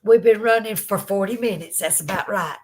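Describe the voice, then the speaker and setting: Her voice is medium-pitched and a little mellow, and she speaks fairly quickly. This Southern livestream podcast host has just been crying and, still teary, chats warmly and emotionally with the people watching.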